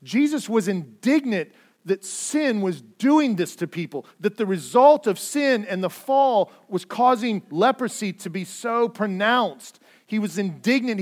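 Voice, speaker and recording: High-voiced earnest preacher man. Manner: earnest, repeats words when stressing a point, swings from loud to quiet. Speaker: pastor. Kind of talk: sermon.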